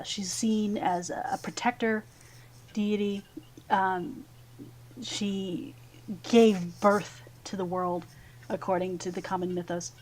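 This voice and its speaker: A woman narrating a tabletop game as dungeon master, describing scenes at length with many filler pauses. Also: fairly low pitch, darkish tone, a little hiss or hum.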